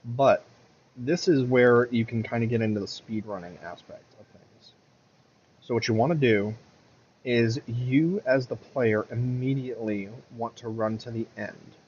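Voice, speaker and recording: A man's voice: medium pitch, measured pace, darkish tone, dull audio, slight background noise. Rambling man commentating his gameplay. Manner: rambling, self-correcting, mutters at the game. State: has the hiccups.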